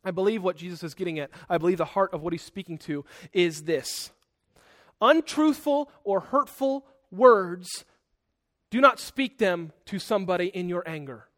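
In an animated sermon, a man with a high voice breaks into acted-out fits of anger and interrupts himself with asides that fix what he just said.

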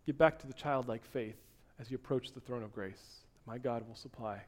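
A man preaching a sermon, dropping to hushed tones and then rising to loud, emphatic exhortation. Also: mid-range voice, moderate pace. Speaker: pastor.

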